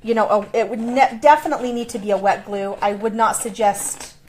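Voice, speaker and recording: A woman's voice: fairly high pitch, brisk, darkish tone, slight background noise. A middle-aged woman demonstrating a craft in a chatty, playful way, explaining each step. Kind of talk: casual craft tutorial.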